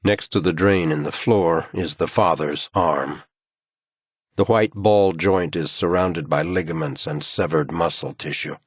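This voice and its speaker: A man reading a crime thriller audiobook in measured, grave scripted narration. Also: low voice, slightly rough, no room sound.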